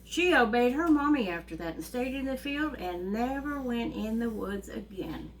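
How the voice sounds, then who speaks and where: A woman telling a fairy tale to young children, animated and asking them questions along the way. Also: fairly high pitch, moderate pace, a little hiss or hum. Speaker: children's storyteller. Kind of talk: reading a story to young children. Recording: distant mic with faint ambience.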